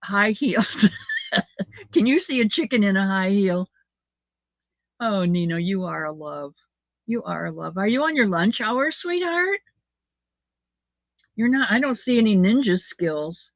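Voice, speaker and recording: Animated but unhurried, an older woman with a medium-pitched voice chats affectionately with her livestream audience from home and reads their comments aloud. The audio is dull, dry, and lo-fi, with no room sound.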